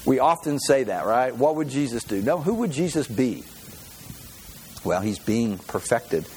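A male pastor giving a conversational, animated sermon and asking the congregation questions. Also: medium pitch, a little slow, slight background noise.

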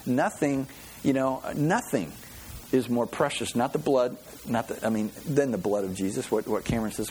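A man gives a relaxed sermon in a church, talking like he's telling a story to friends. He repeats words and restarts his sentences often, with easy laughs. A faint murmur of the room sits behind his voice. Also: mid-range voice, normal speed, a little hiss or hum. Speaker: preacher. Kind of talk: conversational sermon with personal story.

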